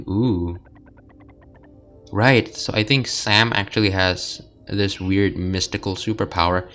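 A man's voice: low voice, fairly even intonation, slow, a bit bright, faint music behind. A young man casually commenting while playing a video game, rambling and hesitant with lots of filler words. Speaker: let's play host.

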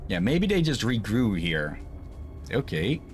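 A man streaming a co-op game with a friend, relaxed, thinking aloud and laughing often. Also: lowish voice, unhurried, faint music behind. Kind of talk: casual gaming chat.

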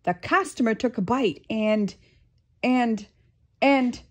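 Mr. Krabs, frantic and loud, read by a woman. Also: mid-range voice, sing-song, unhurried. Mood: panicked. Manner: loud, stammering, panicky. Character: frantic crab restaurant owner, male. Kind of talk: storybook read-aloud.

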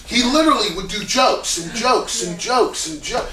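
A male acting teacher talks loudly and with animation, swearing freely and checking in with rhetorical questions. His voice is high and bright. The sound is roomy and picked up from a distance. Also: moderate pace. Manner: loud, animated, profane, full of rhetorical questions. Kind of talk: casual coaching talk. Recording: echoey room, distant mic.

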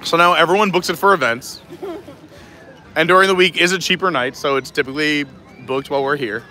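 Live-stream host, man, high and bright, chatty with a quick laugh, out walking the park. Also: some chatter behind. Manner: chatty, laughs often, walking while talking. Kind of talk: casual live-stream vlog chat. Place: outdoors at a theme park.

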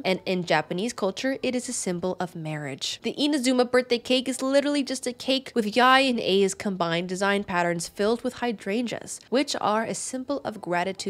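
A woman hosting a video essay, reading her script calmly and now and then breaking into loud joking outbursts. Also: fairly low pitch.

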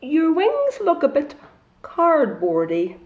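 A woman voicing a friendly, curious male bat in a storybook, who teases gently. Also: sits high, huge pitch swings, slow, pitched above the performer's own voice, heavily acted. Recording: echoey room, dull lo-fi sound.

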